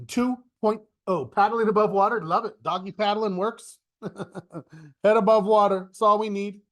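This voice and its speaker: Man, options instructor, casual online class, joking, chatty, slightly high voice. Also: unhurried, a bit bright. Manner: joking, chatty, rambling asides.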